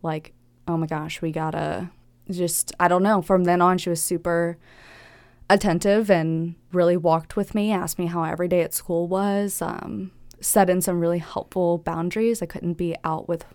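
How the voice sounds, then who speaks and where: Gravelly young woman telling her story. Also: fairly low pitch, fairly even intonation, a little mellow, no room sound. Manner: candid, reflective, with quick laughs and acted-out quotes. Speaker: interviewee. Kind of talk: personal life-story interview.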